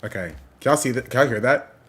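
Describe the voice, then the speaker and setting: A young man commenting on clips during a casual live stream, halting and wry, often breaking off mid-sentence. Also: medium pitch, steady tone, fairly bright tone. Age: young adult. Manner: halting, self-interrupting, wry asides.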